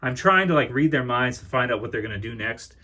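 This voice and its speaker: A man's voice: mid-range voice, lively intonation, fast talker, pushed and bright. A man chatting casually as he shows off his toy collection, rambling and restarting phrases and calling his viewers "dudes". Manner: repeats and restarts phrases often. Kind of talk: casual collection tour vlog.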